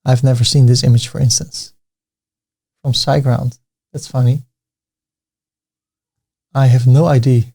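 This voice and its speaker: Young adult male tutor with a mid-pitched voice, loose and unscripted, narrating his screen step by step. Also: normal speed, gravelly, long pauses. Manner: relaxed, thinking aloud, frequent fillers and restarts. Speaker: tutorial host. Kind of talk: casual screen-recorded software tutorial.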